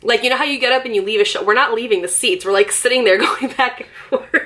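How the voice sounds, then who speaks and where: Animated young woman telling a storytime. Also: a little high, quick pace. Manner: animated, with laughs, "like" fillers and voiced quotes. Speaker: vlogger. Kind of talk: casual storytime.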